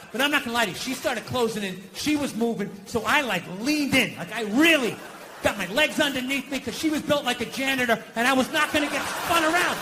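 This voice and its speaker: A man doing a stand-up comedy routine, ranting with profanity in an exasperated, animated way. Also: very high voice, noisy background.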